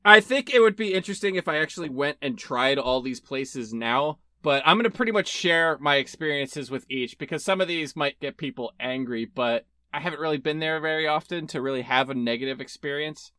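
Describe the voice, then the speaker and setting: Brief: young male podcast co-host, rambling and opinionated, sharp tone, slightly high. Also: a little fast, hardly any pauses, clear, resonant tone, no echo. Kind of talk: casual chat.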